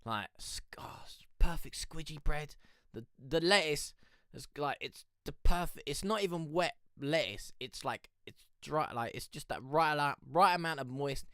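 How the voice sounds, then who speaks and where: A man's voice: on the high side, animated, moderate pace, pushed and bright, clear, resonant tone, no room sound, clean studio sound. A man with a cold, hosting a casual music review chat, rambling and swearing freely. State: has a cold.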